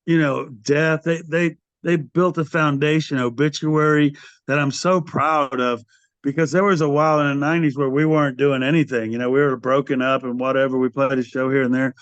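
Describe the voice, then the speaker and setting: Speaking at a moderate pace, the older man has a slightly high, clear and resonant voice with no room sound. He's the metal band singer guesting on a relaxed interview, telling meandering tales and animatedly mimicking what others said, all captured in muffled, dry podcast audio.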